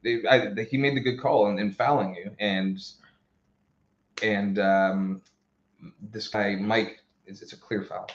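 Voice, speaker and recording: Casual male podcast host, lowish voice, animated and profane storyteller; roomy, dull recording. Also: slow. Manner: animated storytelling with frequent restarts and swearing. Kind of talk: casual chat.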